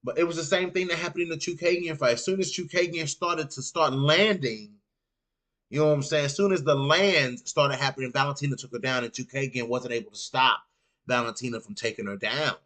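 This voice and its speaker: A man hosts a casual fight recap livestream, talking loosely in a groggy morning voice with lots of "you know what I'm saying" filler. His voice is medium-pitched and a bit bright, and his pace is brisk.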